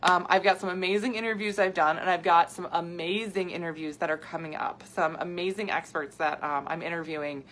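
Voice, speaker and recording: A woman's voice: on the low side, a little fast, hardly any pauses, a little hiss or hum. Chatty woman host reacting to viewers. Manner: animated, chatty, reacts excitedly to viewer comments. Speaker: health coach and podcast host. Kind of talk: casual live video chat with viewers.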